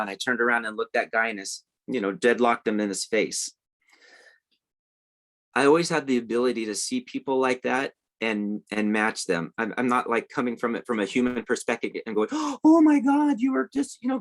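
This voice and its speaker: A man's voice: medium pitch, a bit bright. A man telling a long story as a guest in a casual interview, rambling with many fillers and restarts.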